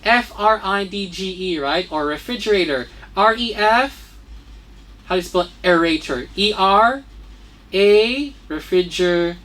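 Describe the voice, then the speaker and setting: A woman's voice: medium pitch, lively intonation, unhurried, a bit bright. A woman teaching young learners vocabulary, spelling each word letter by letter and checking in with "okay?" and "right?". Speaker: English teacher. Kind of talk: children's vocabulary lesson.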